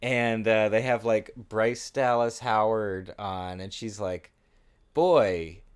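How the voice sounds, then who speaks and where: A man's voice: fairly low pitch, little pitch movement, slow, clear, resonant tone. A man co-hosting a podcast in casual chat, rambling and laughing often. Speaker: podcast co-host.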